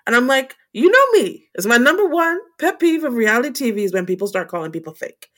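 A woman's voice: a little high, very animated, a little fast, fairly bright tone. A woman co-hosting a podcast, laughing and exasperated as she comments on a reality show. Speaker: podcast co-host. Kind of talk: casual recap chat.

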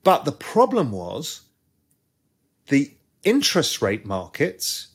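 Husky man telling a trading story. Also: medium pitch. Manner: animated anecdote-telling, quick asides. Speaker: guest, former trader. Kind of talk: storytelling interview.

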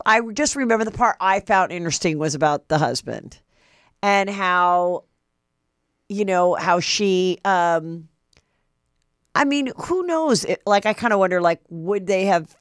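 Loose and full of fillers like "um" and "like," a podcast host chats casually in this studio-quality clip with no room sound. Her voice is on the low side and animated, at normal speed.

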